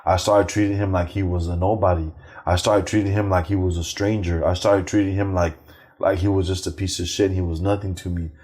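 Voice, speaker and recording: A middle-aged male comedian telling profane, animated family stories, acting out the voices of the people in them. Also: low-pitched, fairly quick. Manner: animated, acts out quoted voices, swears freely. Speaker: stand-up comedian, guest. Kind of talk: profane anecdotal storytelling.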